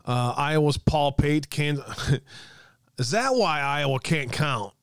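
A man's voice: a little high, animated, slow, clean tone, no room sound, studio quality. A man hosting an online commentary show, ranting sarcastically and reading aloud from a website with muttered asides and casual swearing. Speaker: host of a political commentary show.

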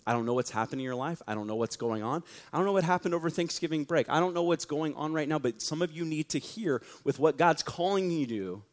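Guy preaching, high-ish voice, lots of jokes and energy, long echo off the hall. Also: quick pace, hardly any pauses. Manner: energetic, joking storyteller. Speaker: youth pastor. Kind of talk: sermon. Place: church hall with an audience. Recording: long reverb of a large hall.

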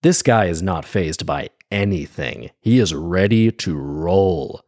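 A man's voice: sits low, lively intonation, slow pace, darkish tone, dry recording, studio quality. A man reading a fairy tale aloud and breaking off for wry, sarcastic comedic commentary. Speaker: storyteller and commentator.

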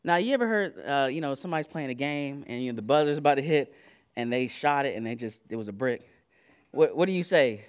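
A man preaching a sermon in an animated, conversational and slangy way, often repeating "listen" to press his points. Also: a little high, a little fast.

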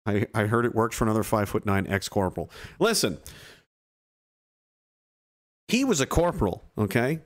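A man's voice: lowish voice, big pitch swings, fast talker. A man in his thirties from Canada, a veteran streamer giving blunt, profane, heated commentary to his live chat. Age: 30s.

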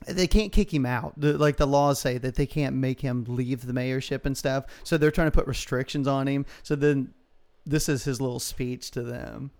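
A man's voice: mid-range voice, fairly even intonation, moderate pace, few pauses, a little mellow. A man hosting a podcast in casual, crude, enthusiastic chat, swearing often. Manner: profane, laughing, enthusiastic. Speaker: podcast host.

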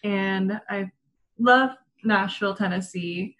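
A woman's voice: medium pitch, takes it slowly, a bit bright, poor audio. A woman in casual chat, giggling often and talking with lots of fillers. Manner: giggly, chatty, many fillers.

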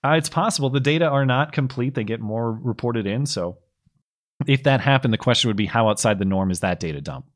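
A man with a cold co-hosting a podcast, talking in a measured, hedging way about politics. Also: medium pitch, lively intonation. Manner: measured, hedging, laughs along. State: has a cold. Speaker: podcast co-host. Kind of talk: casual political chat.

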